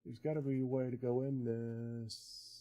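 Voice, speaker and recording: A man's voice: medium pitch, little pitch movement, measured pace, warm tone, faint music behind. A man live-streaming from a home desk setup, muttering to himself as he fumbles through settings, often trailing off. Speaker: livestreamer. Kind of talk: casual live-stream chat. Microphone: desk mic on an arm.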